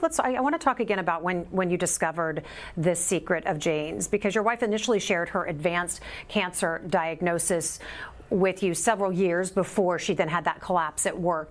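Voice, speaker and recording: A woman hosting a medical show, asking gentle, halting questions. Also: on the low side. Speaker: host.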